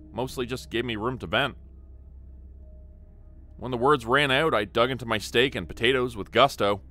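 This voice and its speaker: A man's voice: mid-range voice, pushed and bright. A man narrating a first-person horror story in an earnest, scripted telling.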